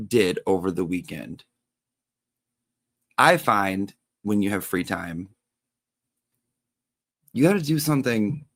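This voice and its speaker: Man, low voice, chatty comic teacher persona, gossipy and theatrical, dry close sound. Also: dry recording. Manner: chatty, gossipy, swears casually. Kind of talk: gossipy livestream monologue.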